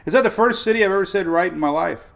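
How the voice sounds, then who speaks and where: This man hosts a weather stream live, laughing often as he reads comments and drifts through casual chatter. He sounds high-pitched and fairly bright, speaking quickly with vocal fry.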